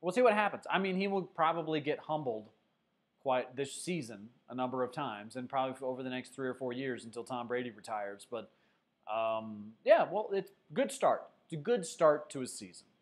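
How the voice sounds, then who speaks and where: A man's voice: medium pitch, expressive, moderate pace. A man hosting a casual sports livestream, reading viewer comments aloud and chatting loosely, with plenty of fillers. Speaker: sports show host. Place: Denver.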